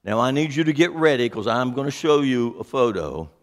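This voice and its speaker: Animated pastor preaching in a reverberant hall. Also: male voice, medium pitch, a little fast. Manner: animated, asks the congregation questions. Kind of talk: sermon.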